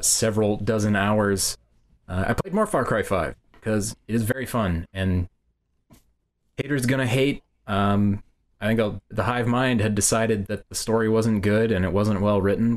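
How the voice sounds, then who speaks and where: A man's voice: on the low side, fairly even intonation, measured pace. A man who reviews games, co-hosting a podcast in casual chat, with dry, matter-of-fact and blunt opinions. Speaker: game reviewer and podcast co-host.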